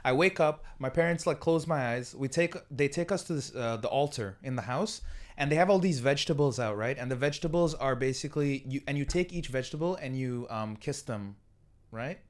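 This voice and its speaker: A man's voice: mid-range voice, fairly quick. A man in his late twenties from South India, a podcast guest in casual chat who jokes, swears freely and laughs a lot. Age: late 20s.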